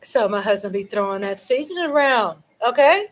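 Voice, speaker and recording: Lively woman hosting a chatty livestream. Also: a little fast, rough recording. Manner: lively, chatty, swings from loud cheering to low asides. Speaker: livestream host. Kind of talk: casual livestream chat.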